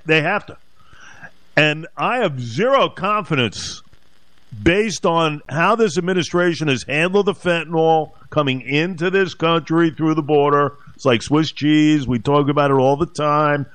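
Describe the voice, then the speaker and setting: A man's voice: on the high side, fairly bright tone, dry recording. Emphatic talk radio host, man. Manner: emphatic, repetitive, indignant.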